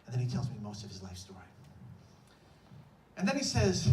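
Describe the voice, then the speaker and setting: Animated man telling a story on stage. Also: on the low side, a little fast, a little hiss or hum. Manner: animated, breathless, exclamatory. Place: stage in a large room. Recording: echoey stage from far off, faint room ambience.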